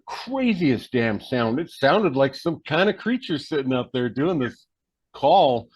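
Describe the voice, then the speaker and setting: A man's voice: medium pitch, lively intonation, a little slow, no echo, dull audio. A man, a hunting guide and tracker, talking as an interview guest in a blunt, emphatic, slangy way that includes some swearing. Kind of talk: casual conversation.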